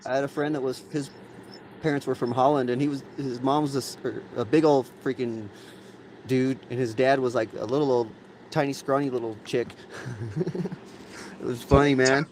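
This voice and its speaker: A man's voice: medium pitch, fairly even intonation, moderate pace, pauses often, darkish tone, a little hiss or hum. A man in a casual livestream chat, talking loosely with slang like "dude". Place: livestream call.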